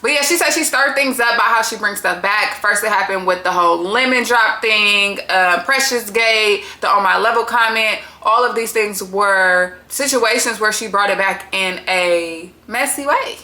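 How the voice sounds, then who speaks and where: A woman's voice: mid-range voice, moderate pace, hardly any pauses, bright, forceful tone. A woman hosting a casual reality TV recap, talking bluntly and exasperated, swearing freely as she reacts. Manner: blunt, exasperated, heavy cursing. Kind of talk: casual profane recap commentary. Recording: echoey room.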